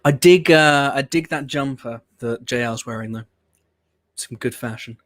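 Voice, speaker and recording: A man's voice: mid-range voice, a little slow, dry recording. A man hosting a watch-along show, chatting casually and rambling with blunt opinions and the odd swear word. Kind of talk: casual reaction commentary.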